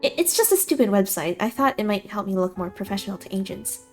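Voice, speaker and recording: A young woman with a dry, teasing wit who turns sheepish about her own work, read aloud by a woman. Her replies come quick and low-key in a plain, mid-range voice. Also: very animated, darkish tone, faint music behind, lightly acted.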